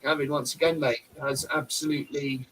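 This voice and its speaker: A man's voice: a little high, flat delivery, a little fast, fairly bright tone, a little hiss or hum, low-quality recording. A man hosting a casual live-stream chat, rambling and effusive, with lots of fillers and restarts. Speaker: host.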